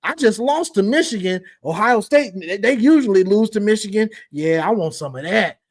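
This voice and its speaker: A man voicing a young male football player in a mocking, drawn-out put-on voice, lower than his own. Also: expressive.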